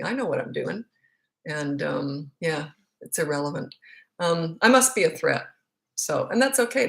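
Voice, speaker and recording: A woman's voice: on the low side, gravelly, a bit bright. A middle-aged woman, a parenting coach, answering viewer questions in a casual, blunt and frank way, repeating words for emphasis.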